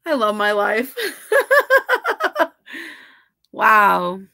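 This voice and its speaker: A woman's voice: a little high, a little slow, bright, forceful tone, dry recording, studio quality. A woman chatting casually on a livestream, giggling and flirting as she reads and answers her viewers' comments. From half Italian heritage. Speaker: livestreamer reading chat.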